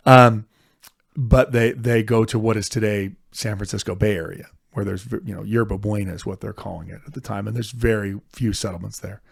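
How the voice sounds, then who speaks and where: A middle-aged man, a podcast co-host, talking through history in an earnest, animated way. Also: fairly low pitch, normal speed, vocal fry, breathy edge, dry recording, studio quality. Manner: earnest, animated, frequent restarts. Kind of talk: casual history discussion.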